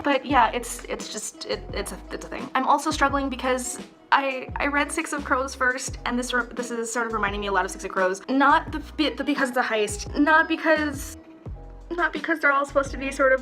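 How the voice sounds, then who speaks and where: A woman's voice: medium pitch, sharp tone. A young woman vlogging casually about books and her writing, rambling and candid with lots of fillers and restarts. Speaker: book vlogger. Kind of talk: casual reading vlog chat.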